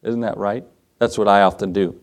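A man's voice: on the low side, fairly even intonation, brisk. A male pastor preaching in church in a conversational way, quizzing the congregation and cracking jokes. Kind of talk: sermon.

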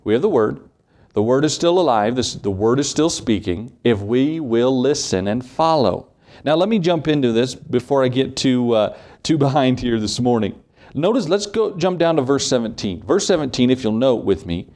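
A man preaching a sermon in an emphatic, pulpit-style delivery. His voice sits at an ordinary middle pitch, and he keeps asking rhetorical questions as he drives his points home. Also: animated, moderate pace, darkish tone.

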